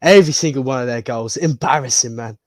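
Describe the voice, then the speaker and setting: A man's voice: mid-range voice, fast talker, dry recording. A man joining a football fan show as a guest, ranting bluntly and fuming. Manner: fuming, blunt, keeps saying "bro". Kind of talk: angry post-match reaction rant.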